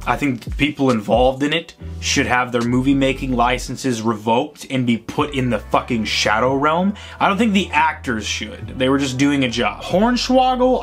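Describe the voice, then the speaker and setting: A tired man hosting a movie ranking vlog, ranting in a profane, excitable, rambling way. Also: medium pitch. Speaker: host.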